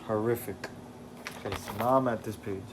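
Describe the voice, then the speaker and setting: A young man chatting casually on a livestream while reading comics aloud, relaxed and slangy. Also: on the low side, a little fast, noisy background.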